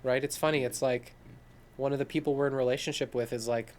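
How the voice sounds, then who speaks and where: Male podcast co-host, mid pitch, swears freely and talks in a loose, animated way, faint hiss behind. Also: quick pace. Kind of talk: casual conversation.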